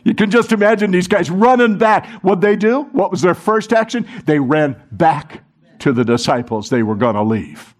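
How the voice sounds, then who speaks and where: A middle-aged man preaching a sermon, animated and urging the congregation to join in. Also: high voice, normal speed. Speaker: pastor.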